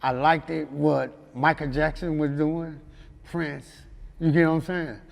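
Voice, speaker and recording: In a large hall, a Memphis-born rapper guest shares stories during a casual interview, speaking with a Southern accent at a measured pace. His voice is a little high and creaky with little pitch movement, and he stays loose and laughing, often asking "you know what I'm saying".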